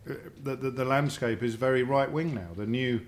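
A man's voice: mid-range voice, brisk. A middle-aged man, chatting as a dinner guest and telling stories, often repeating words as he thinks. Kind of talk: casual dinner-table chat. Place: home dining room.

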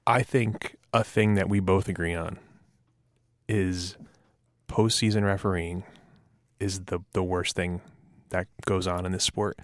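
A man with a fairly low voice co-hosts a casual sports chat. He argues his points emphatically and with a joking edge. The recording is dry and close, with no room sound. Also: unhurried, pauses often, no room sound. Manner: emphatic and joking, lively rants. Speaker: podcast co-host.

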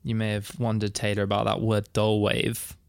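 Gravelly man co-hosting a podcast. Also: lowish voice, completely flat delivery, a little fast, darkish tone, no echo, clean studio sound. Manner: reads quotes and definitions aloud, laughs easily. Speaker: podcast co-host. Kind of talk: casual music podcast chat.

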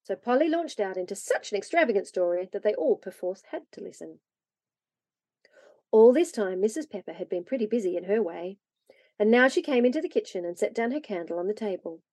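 A woman reading a classic children's story aloud, expressive and lively. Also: mid-range voice, fairly quick, no room sound. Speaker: reader.

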